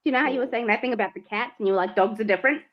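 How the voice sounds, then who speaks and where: A woman's voice: fairly high pitch, racing. A woman co-hosting a livestream, telling a story animatedly, acting out quotes and laughing often. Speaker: co-host. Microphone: livestream mic. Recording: slightly dull lo-fi sound.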